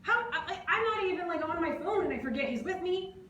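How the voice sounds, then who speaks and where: A woman giving a casual, conversational sermon in a church, animated and playfully acting out other people's voices. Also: very high voice, fast, dull audio. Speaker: preacher. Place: church sanctuary. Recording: echoey church room, faint noise.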